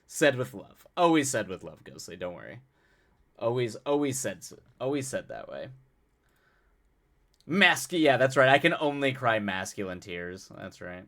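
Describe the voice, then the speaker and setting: A man's voice: mid-range voice, very animated, normal speed, sharp tone. A young man hosting a live stream, chatting casually with his viewers, rambling and self-mocking with frequent laughs and restarts. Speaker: livestream host. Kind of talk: casual chat with chat readers.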